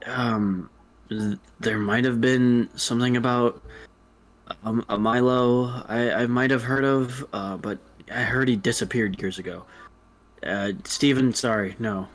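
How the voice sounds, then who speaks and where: A man's voice: mid-range voice, fairly even intonation, a little slow, poor audio. A young man narrating as dungeon master in a casual, joking way. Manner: casual, swears, plays the townsfolk lines himself. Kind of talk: narrating a tabletop game.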